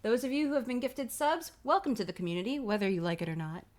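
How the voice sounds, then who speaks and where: Quick and lively in intonation, this woman's voice is on the high side with a darkish tone. As a livestream host at home on a streaming mic, she reads a children's horror book aloud, giggling, joking and swearing casually.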